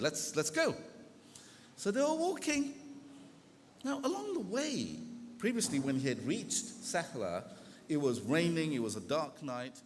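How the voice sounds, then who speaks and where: A man giving a religious lecture to a gathering, telling a story in an animated way and acting out the quotes, through a PA in a large hall. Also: sits high. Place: large echoey hall with congregation. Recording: echoey hall with background noise.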